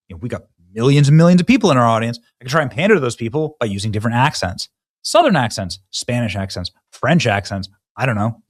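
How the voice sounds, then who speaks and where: A man from Iowa hosts a commentary show, his pitch jumping around a lot as he mocks and riffs. He talks loosely, restarting sentences, with a sarcastic edge. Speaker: host. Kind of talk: mocking political commentary.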